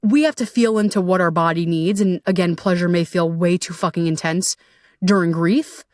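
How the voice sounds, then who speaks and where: A young woman hosting a solo podcast as a relationship coach, talking candidly and casually, swearing freely, with animated jumps into quoted voices. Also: on the low side, moderate pace, no room sound, clean studio sound.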